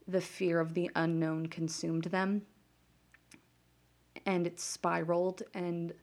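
A woman in her twenties, a podcast host, telling a personal story candidly, often restarting sentences and laughing at herself. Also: on the low side.

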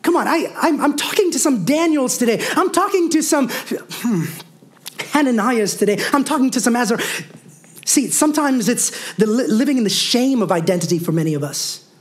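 A man preaching a sermon as a pastor, calling out to his congregation, mixing humor and asides, and rising to near-shouting on his declarations. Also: extremely high pitch, animated, moderate pace. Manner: preaching with call-and-response asides and wry humor.

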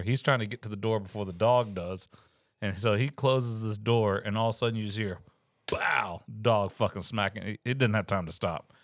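A male podcast co-host and police officer, telling profane, animated stories in casual chat. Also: on the low side, no room sound, studio quality. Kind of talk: casual storytelling over drinks.

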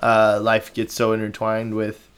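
A young man hosts a casual podcast chat with his mother. He talks in a rambling, heartfelt way, pausing on fillers as his feelings show. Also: fairly low pitch, completely flat delivery, a bit bright, clear, resonant tone. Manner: emotional, rambling. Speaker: podcast host. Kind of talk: casual interview.

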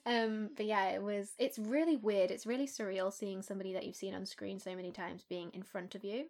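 A woman's voice: medium pitch, fairly even intonation, brisk, a little mellow. A young woman co-hosting a podcast, chatting casually and rambling with frequent laughter. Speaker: podcast co-host. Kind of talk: casual chat.

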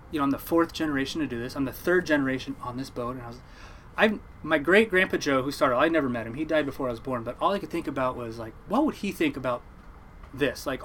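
In a casual interview, a young man who works as a commercial fisherman on the Oregon coast shares a story in a mid-range voice. He brings it to life by acting out the other people's lines. Slight background noise can be heard.

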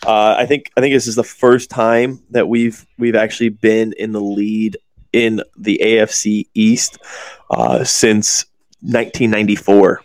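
A man's voice: lowish voice, flat delivery, a little slow, no room sound. A man in his forties hosting a casual podcast chat, rambling and swearing, with lots of restarts. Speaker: podcast host.

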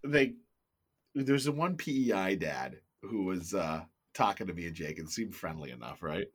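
A man's voice: sits low, animated, moderate pace. A man in casual podcast chat, telling stories animatedly and laughing often. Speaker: podcast co-host.

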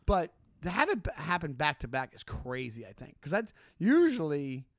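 A young man with a Long Island accent co-hosts a casual podcast chat, animatedly acting out mocking voices. His pitch is fairly high and he talks at normal speed, in a studio-quality recording with no echo.

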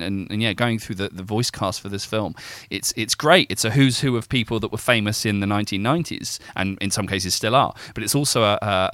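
A man guest in a casual academic discussion, talking haltingly with many fillers and restarts. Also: on the low side, a bit bright, no room sound. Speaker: podcast guest.

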